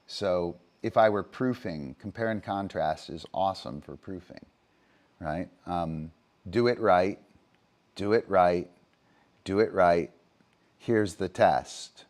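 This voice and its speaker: Deep-voiced man explaining dog training. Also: darkish tone. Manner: explains training methods with frequent "right?" and "um". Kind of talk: livestream.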